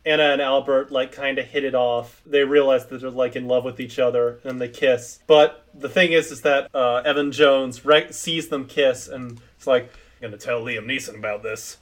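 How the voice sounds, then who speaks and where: A man's voice: medium pitch, fairly even intonation, normal speed, few pauses. A man on a podcast, recapping a film in a loose, rambling way with many restarts and laughs. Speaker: podcast host. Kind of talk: casual movie recap chat.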